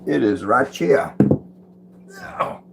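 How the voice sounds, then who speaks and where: An older man speaks slowly in a medium-pitched, gravelly voice as he hosts a casual live stream indoors at home. He reads comments, greets viewers by name, and chuckles easily against a noisy background.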